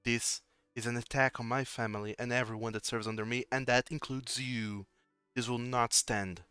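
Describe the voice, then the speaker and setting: A man's voice: mid-range voice, fairly even intonation, normal speed, bright, forceful tone, clean tone, no room sound, soft background music, lightly acted. A man voicing a stern, indignant noble lady in a tabletop game, giving clipped, commanding orders.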